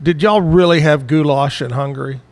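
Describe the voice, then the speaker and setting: A man's voice: on the high side, moderate pace. A man hosting a talk show, asking rambling, joking questions in a casual interview chat. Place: live show at a bar stage.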